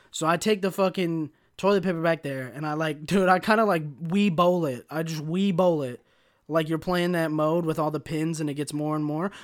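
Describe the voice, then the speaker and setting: Young male podcast host, brash solo rant, slightly high voice, heavy swearing and slang. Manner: profane, animated, slangy ("bro", "dude"). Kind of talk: casual solo storytelling rant.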